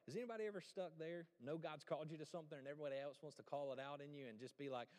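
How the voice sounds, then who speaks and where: A man preaching a sermon as pastor, animated and conversational, with joking asides to the congregation. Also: fairly high pitch, very fast, in a large hall.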